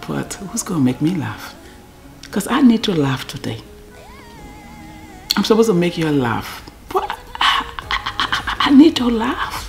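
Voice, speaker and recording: Middle-aged Liberian woman vlogger, deep and gravelly, lively pitch, casual and rambling. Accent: Liberian English. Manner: rambling, talks to herself, drops to near-whispers. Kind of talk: casual talk to camera.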